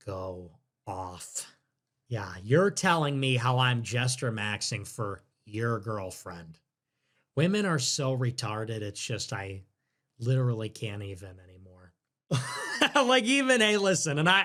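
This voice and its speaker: A man's voice: medium pitch, big pitch swings, a little slow, a bit bright. A young man hosting a livestream, reacting to chat in a crude, sarcastic, ranting way. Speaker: livestream host.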